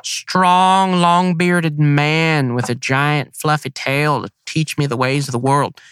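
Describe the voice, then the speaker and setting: A man's voice: fairly high pitch, steady tone, fairly bright tone, clear, resonant tone, no echo, clean studio sound, voice pushed up. A man voicing a flirty hen turkey that calls out coyly to a big tom, drawing out his words. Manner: coy, drawn-out pleading.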